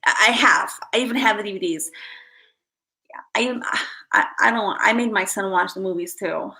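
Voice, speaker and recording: A woman's voice: mid-range voice, normal speed, sharp tone, poor audio. A woman in her thirties chatting casually with her stream viewers, rambling and self-deprecating. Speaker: live streamer.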